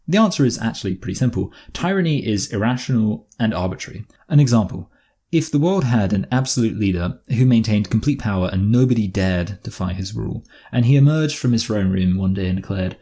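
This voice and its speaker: A man's voice: fairly low pitch, animated, a little fast, mellow, slightly rough. A man narrating a scripted video essay in a dry, sardonic, argumentative way.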